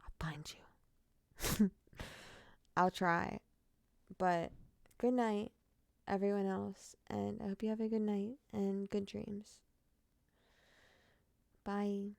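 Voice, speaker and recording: A woman's voice: mid-range voice, fairly even intonation, takes it slowly, vocal fry, long pauses, darkish tone, no echo, studio quality. A woman telling true crime stories who rambles candidly and swears freely as she signs off casually. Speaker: true crime storyteller and streamer. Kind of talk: casual sign-off chat.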